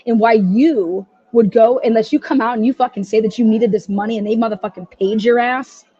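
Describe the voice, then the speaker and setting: A woman's voice: medium pitch, dark tone, husky, no echo, lo-fi sound. A woman hosting a true-crime livestream, ranting angrily and swearing heavily as she gives her commentary. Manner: angry, profane ranting. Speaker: livestream host.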